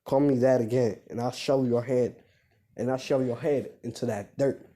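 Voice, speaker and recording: A man's voice: medium pitch, fairly even intonation, moderate pace, mellow, lightly acted. A man voicing a cold, menacing young male hero who speaks in curt, blunt threats. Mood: threatening.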